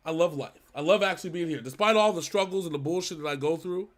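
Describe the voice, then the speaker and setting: Male co-host, 30s, slightly high voice, earnest, stumbling delivery, casual talk. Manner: earnest, halting, with many restarts. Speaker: reaction channel co-host.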